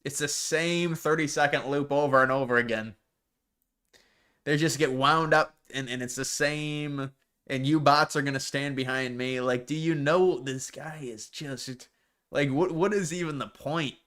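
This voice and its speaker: A man's voice: fairly high pitch, a little slow, a bit bright. Sarcastic man doing live commentary. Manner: mocking, sarcastic, laughs often.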